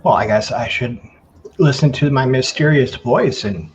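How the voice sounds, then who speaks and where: A man's voice: medium pitch, normal speed, lo-fi sound, a little hiss or hum. A man playing a character in a casual tabletop game, playful and mulling things over aloud. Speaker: player.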